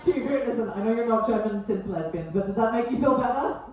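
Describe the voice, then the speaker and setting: Essex lady comic teasing the crowd, kinda high voice, big echoey room, audience laughing. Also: lively intonation, a little mellow. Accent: Essex English. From England. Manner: cheeky, teasing, quick asides to the crowd. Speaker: stand-up comedian. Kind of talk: stand-up crowd work. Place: comedy club stage with audience. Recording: echoey room, mic heard from far.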